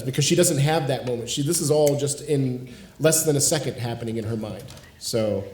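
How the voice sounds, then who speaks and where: Podcast co-host, 40s man, earnest and reflective, mellow tone, roomy sound. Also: mid-range voice, fairly quick. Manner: earnest, reflective, swears casually. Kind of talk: casual chat.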